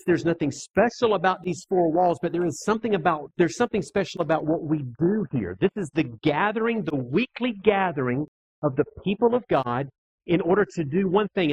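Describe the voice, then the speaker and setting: A man preaching a sermon from the stage of a church, earnest and measured, pausing to stress his points. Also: on the high side, darkish tone, slightly rough, low-quality recording. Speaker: pastor.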